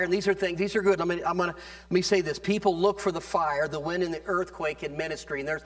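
A man's voice: high voice, fairly even intonation, a little fast. A man preaching a sermon, emphatic and repetitive, drawing out key phrases and calling for "amen" from the congregation. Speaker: pastor.

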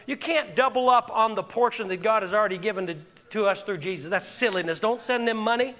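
Preaching briskly in a high-pitched voice, a man leads a church congregation in call-and-response during a fervent sermon that climbs to shouts. The sanctuary gives the recording a long reverb tail.

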